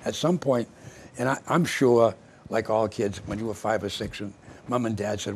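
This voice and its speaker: Older male host, low and gravelly, chatty, meandering storyteller. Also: normal speed, a little hiss or hum. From Massachusetts, US. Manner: rambling storyteller, many restarts. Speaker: TV show host. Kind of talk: casual interview chat. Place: local cable TV studio.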